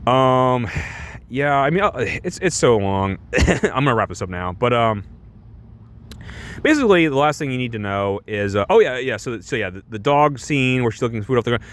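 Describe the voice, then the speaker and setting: A man's voice: mid-range voice, animated, normal speed, fairly bright tone, slight background noise. A young man giving a casual, sarcastic movie review on a stream, full of restarts and rhetorical questions.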